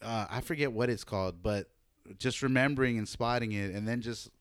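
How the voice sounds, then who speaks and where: A young man chatting casually, telling a story with lots of animated retelling and casual swearing. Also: medium pitch, brisk, smooth, no echo, clean studio sound. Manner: animated storytelling, acts out quoted voices, laughs often, swears casually. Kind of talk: casual chat.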